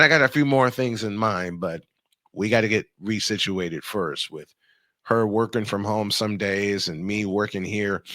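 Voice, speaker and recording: A man hosting a radio show, telling a funny story in casual chat, animated and laughing often. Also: fairly low pitch, no echo, studio quality. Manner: animated, laughing, quick bursts of speech. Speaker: radio and podcast host.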